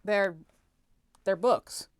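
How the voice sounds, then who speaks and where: A woman playing a flustered, bookish young gentleman. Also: mid-range voice, very slow, no room sound, studio quality. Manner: prim, exasperated, stammering. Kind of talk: comedic audio drama.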